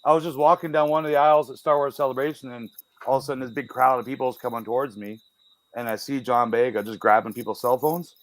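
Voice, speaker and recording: A man co-hosting a livestream, chatting casually and relaxed about fan topics. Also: medium pitch, fast. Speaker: livestream co-host. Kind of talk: casual chat.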